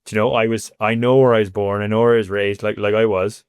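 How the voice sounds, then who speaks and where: A man's voice: on the low side, quick pace, clear, resonant tone, no room sound, clean studio sound. Chatty Irish man from Cork. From Ireland. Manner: chatty, animated, lots of fillers like "you know". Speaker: guest. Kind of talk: casual interview chat.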